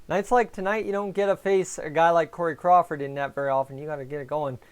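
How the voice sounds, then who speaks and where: A man's voice: a little high, fairly even intonation, fast talker, clear, resonant tone. A young man hosting a live fan stream, chatting casually about the game and answering viewers by name over a headset mic. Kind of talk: casual fan commentary and chat replies.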